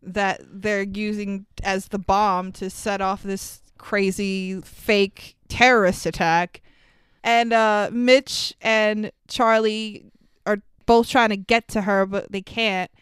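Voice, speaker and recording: Smooth, lively woman swearing her way through a recap. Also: mid-range voice, slow pace, no echo. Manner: animated, profane, laughs often, acts out quotes. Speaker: podcast co-host. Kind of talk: casual movie recap chat.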